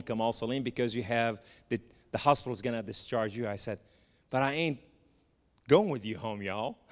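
A man from the Middle East giving a spoken testimony, telling his story with animated, emphatic lists. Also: medium pitch. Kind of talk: testimony sermon. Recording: long hall reverb.

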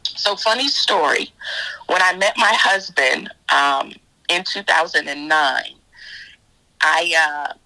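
A woman guest minister telling her faith testimony in an interview, animated and storytelling, often repeating her own words in quotes. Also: low voice, takes it slowly, gravelly, low-quality recording.

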